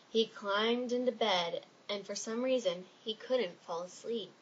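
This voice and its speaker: A woman reads a children's story aloud in an expressive storytelling manner. Her voice sits at a mid pitch. The recording is dull and lo-fi with a faint hiss. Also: moderate pace, hardly any pauses. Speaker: reader. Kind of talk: dramatic storybook reading aloud.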